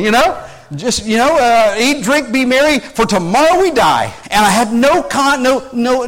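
A man's voice: high-pitched, poor audio. A man preaching an earnest, conversational sermon, often restarting his phrases and asking his listeners questions. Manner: earnest, animated, frequent restarts, asks the audience questions. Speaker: pastor.

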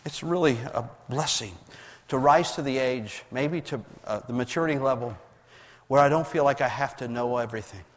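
A man preaching a sermon, reading scripture aloud and explaining it, with many restarts and swings between raised readings and quiet asides. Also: medium pitch, moderate pace, in a large hall. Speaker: pastor.

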